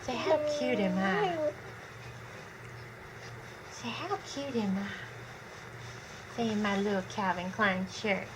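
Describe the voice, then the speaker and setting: A mother coaxing her baby in slow, sing-song baby talk at home. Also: mid-range voice. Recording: noisy home video.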